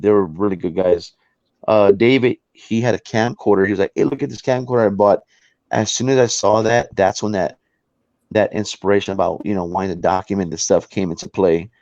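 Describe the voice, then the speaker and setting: Man, talk show guest, casual storyteller, lowish voice, dull lo-fi call sound. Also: brisk, dry recording. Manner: animated, acts out the people in his story.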